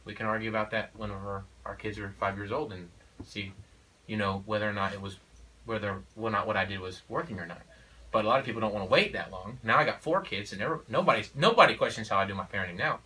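A father of four shares his parenting views in a casual conversation, speaking emphatically and preachily and leaning on "you know" and "okay?" a lot. His voice is fairly low, his pace quick and his tone sharp. The recording is rough and picked up from a distance.

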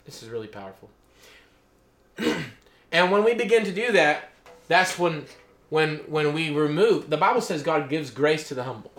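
A man's voice: a little high, animated, moderate pace, pauses often, fairly bright tone. A middle-aged male pastor preaching a sermon, reading scripture aloud and explaining it in loose asides, often checking in with "okay?" and "you know?". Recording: echoey room.

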